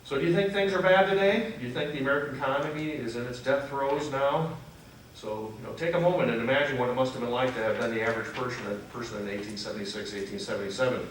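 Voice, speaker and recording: A man giving a conversational history lecture to a gathering, pausing on fillers and correcting himself as he goes. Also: mid-range voice, slight background noise. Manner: unscripted, frequent "uh" fillers and self-corrections; asks the audience questions. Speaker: lecturer at a freethought congregation. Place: meeting hall with an audience. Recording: very echoey hall, distant mic.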